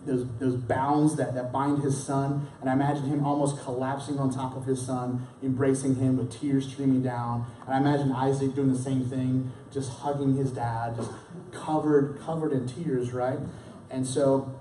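Man preaching a relaxed, rambling sermon. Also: medium pitch, normal speed, slight background noise. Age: young adult or middle-aged. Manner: conversational, with many restarts and dramatic acted quotes. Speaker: pastor. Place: church. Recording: roomy church hall, mic at a distance.

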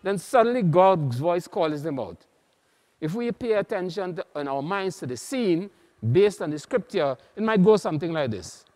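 A man with a Trinidadian accent, a priest preaching an earnest, measured sermon with many pauses. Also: sits high, animated, a little mellow. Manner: earnest, measured, pausing often. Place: large church. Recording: long church reverb.

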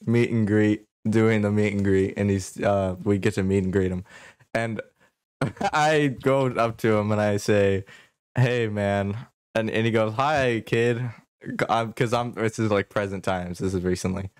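A man's voice: lowish voice, steady tone, unhurried, smooth, no echo, studio quality. A man hosting a podcast in casual chat, telling stories in a playful way and laughing often. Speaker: podcast host.

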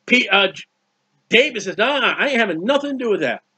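High-voiced fervent male preacher. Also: expressive, fairly quick, bright, forceful tone, slightly rough, no room sound. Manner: fervent, repetitive preaching with frequent restarts. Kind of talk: sermon. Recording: dull lo-fi recording.

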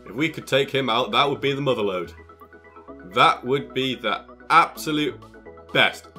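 A young man with an excitable, jokey manner, commentating on his own gameplay and exclaiming often. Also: medium pitch, measured pace, faint music behind. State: out of breath. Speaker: gaming YouTuber.

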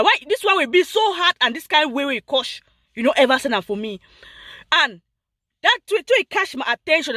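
Animated Cameroonian Pidgin vlogger ranting. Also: medium pitch, no room sound. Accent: Cameroonian Pidgin English. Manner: animated, repetitive, addresses someone directly. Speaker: blogger and vlog host. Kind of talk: heated commentary rant.

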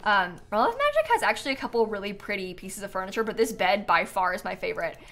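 A woman's voice: mid-range voice, very animated, fast, sharp tone. A woman chatting casually to viewers on a live game stream, bubbly and giggly, a bit tired and yawning.

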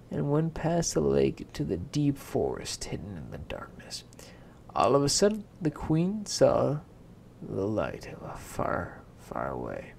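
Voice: medium pitch, gravelly, a little mellow, slight background noise. A storyteller casually reading a fairy tale aloud into a home microphone, playful and breaking in with little asides. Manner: playful, self-interrupting.

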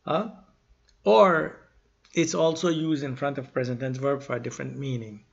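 A man teaching an Arabic grammar lesson in an informal style, reading verses quickly and then explaining them slowly with pauses and self-corrections. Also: medium pitch, steady tone, vocal fry, husky, lo-fi sound.

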